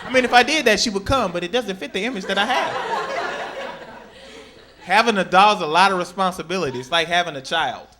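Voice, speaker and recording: A male stand-up comedian tells his stories on a club stage, his voice sitting high and lively. He flips into shrill, squealing character voices for comic effect. A loud crowd laughs throughout the live recording. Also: brisk. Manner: animated storytelling, sudden high-pitched shrieks in acted quotes.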